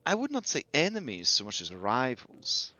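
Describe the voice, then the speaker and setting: A man voicing a wary, sober woman who gives grave, deliberate warnings in a tabletop game. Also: mid-range voice, huge pitch swings, bright, forceful tone, voice pushed up. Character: wary older woman innkeeper, sober and measured.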